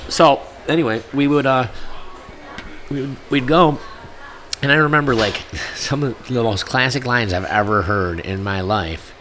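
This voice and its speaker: A man's voice: mid-range voice, a little slow, a little hiss or hum. Laughing man telling a wild story. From Buffalo area, US. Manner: laughing, animated storyteller acting out quotes. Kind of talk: casual storytelling chat.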